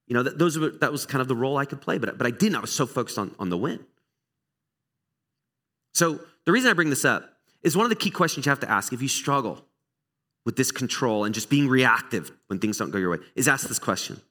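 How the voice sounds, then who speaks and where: Bright, animated middle-aged preacher man. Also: mid-range voice, a little fast. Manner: animated, candid, self-deprecating storytelling. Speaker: pastor. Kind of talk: conversational sermon.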